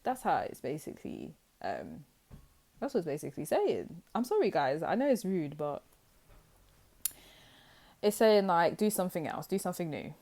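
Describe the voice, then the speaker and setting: A woman's voice: fairly low pitch, very animated, moderate pace, long pauses, dark tone. A young woman giving a casual tarot reading to camera, blunt and teasing, with lots of filler words. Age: young adult. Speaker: tarot reader.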